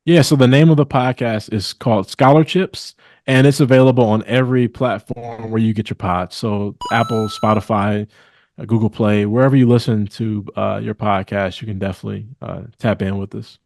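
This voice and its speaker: A young man from Milwaukee, a guest attorney, answering interview questions in an earnest, measured way with frequent restarts. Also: fairly low pitch, fairly even intonation, vocal fry, darkish tone, no room sound. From Milwaukee, Wisconsin. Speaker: guest, real estate attorney. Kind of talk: interview conversation.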